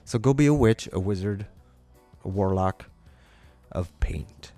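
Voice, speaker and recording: Low-voiced male painter, loose rambling talk, faint background music. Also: a little slow. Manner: rambling, animated, acts out quotes in high voices. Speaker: live painter. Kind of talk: casual monologue.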